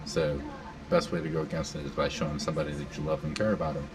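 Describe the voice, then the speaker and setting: A man's voice: extremely low pitch, lively intonation, fast talker, creaky. A man hosting a live panel, talking casually and rambling with lots of fillers while he addresses the crowd. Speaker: panel host. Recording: distant mic with loud room noise.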